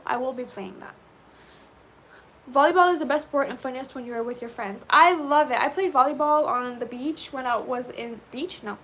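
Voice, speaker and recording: A woman in her twenties chatting casually with live viewers and answering them as she reads chat, animated and peppered with "like". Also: high-pitched, slight background noise. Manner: chatty and animated, says "like" often. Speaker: livestreamer reading chat.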